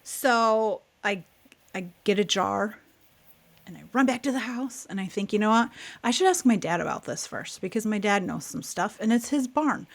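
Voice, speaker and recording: A woman's voice: medium pitch, lively intonation, moderate pace, gravelly. A woman co-hosting a podcast, telling a childhood story in casual chat, acting out quotes and laughing often. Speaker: podcast co-host.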